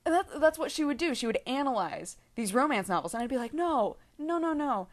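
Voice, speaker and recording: A woman's voice: on the high side, very animated, fast. A young woman telling a rambling story to her vlog viewers, full of fillers, asides and giggles. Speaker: vlogger.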